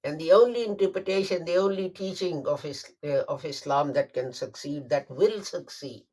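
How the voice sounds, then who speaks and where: A man delivering a Friday sermon, emphatic and deliberate, repeating phrases for stress. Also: on the high side, a little mellow. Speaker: preacher.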